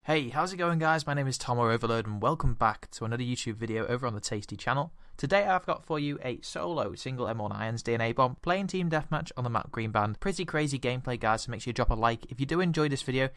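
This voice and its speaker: A man's voice: medium pitch, expressive, quick pace, hardly any pauses, a bit bright, no echo, clean studio sound. A man with an English accent, chatting in a casual, rambling voice-over commentary over gameplay, often repeating words. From England. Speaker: gaming commentator.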